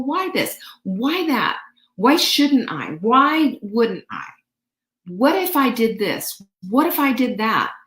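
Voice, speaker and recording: A woman's voice: mid-range voice, fairly bright tone. Upbeat, chatty woman host in a roomy space. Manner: upbeat, chatty, reads viewer comments, frequent laughs. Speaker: show host. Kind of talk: live-stream motivational talk. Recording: roomy echo.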